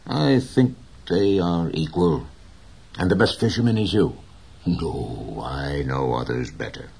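A man playing a proud old fisherman in an audiobook, deep and husky, speaking slowly and with quiet dignity. The voice rises and falls with plenty of movement despite its gentle calm. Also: exaggerated voice. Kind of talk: audiobook character reading.

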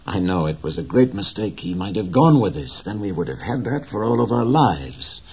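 A man voicing a gentle, dignified old fisherman in an audiobook reading, slow and measured. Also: fairly low pitch, very animated, husky, voice pushed up.

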